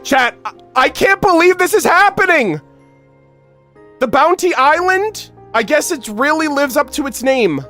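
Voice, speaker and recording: A streamer giving live game reaction commentary, excitable and exclamatory, talking straight to chat. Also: high voice, unhurried, faint music behind.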